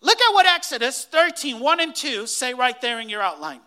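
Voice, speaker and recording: Male pastor mid-sermon, animated and bright, punches key lines and calls for answers. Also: extremely high pitch, moderate pace, hardly any pauses, clean tone. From Hispanic household in the US. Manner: emphatic, repeats key phrases and quizzes the congregation.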